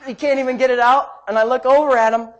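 A woman preacher delivers a lively sermon in a fairly high voice. She swings from bold, loud emphasis to soft, hushed asides, and breaks into laughter as she tells homey family stories. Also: fast talker, dull audio.

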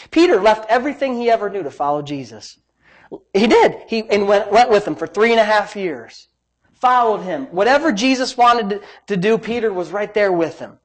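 A man pastor preaching a sermon in an emphatic, exclamatory way. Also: high voice.

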